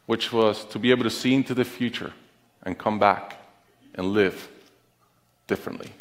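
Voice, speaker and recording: A middle-aged man telling a personal story on stage, with an earnest, deliberate, heartfelt delivery and pauses. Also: lowish voice, fairly even intonation. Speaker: conference speaker. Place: stage in a large auditorium. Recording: long reverb of a large auditorium.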